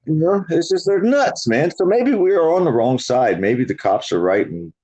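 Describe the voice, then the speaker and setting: A man's voice: a little high, expressive, moderate pace, dark tone. A man hosting a casual, profane chat, laughing often. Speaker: host.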